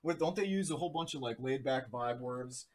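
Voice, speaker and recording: A man in his thirties from New Jersey hosts a crypto livestream, casually going over charts in a chatty, joking way. His voice is mid-range and a little fast.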